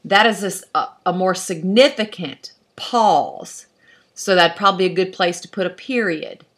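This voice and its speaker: A woman's voice: on the low side, normal speed. A woman teaching an online class, explaining step by step in a patient way and thinking aloud as she goes. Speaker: Hebrew instructor.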